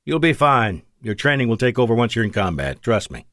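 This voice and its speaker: A man's voice: medium pitch, sing-song, fairly quick, fairly bright tone, no echo, studio quality. A man doing a wry Texan fighter pilot. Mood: teasing. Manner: wry, teasing, reassuring. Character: seasoned male fighter pilot, wry and steady.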